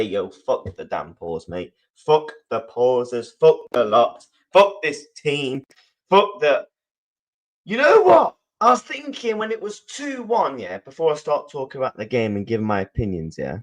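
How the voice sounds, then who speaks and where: A man's voice: medium pitch, rough recording. A young man, ranting and swearing at his live chat after his team's match, talking into a desk mic at home. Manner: furious ranting, swearing, repeating himself. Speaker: football fan channel host. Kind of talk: angry post-match reaction to live chat. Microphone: desk mic he is adjusting.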